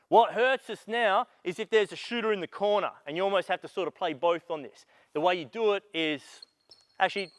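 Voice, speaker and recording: High-voiced coach directing players. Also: male voice, a bit bright, no room sound. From Australia. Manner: instructive, directing players on court; raises voice for emphasis and calls. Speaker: basketball coach. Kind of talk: coaching clinic demonstration.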